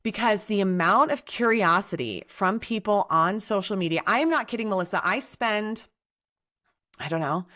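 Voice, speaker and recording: A woman TV co-host talking as an interview guest, chatty and enthusiastic, with lots of "like"s and fast asides. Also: medium pitch, lively intonation, a bit bright. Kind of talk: casual interview chat.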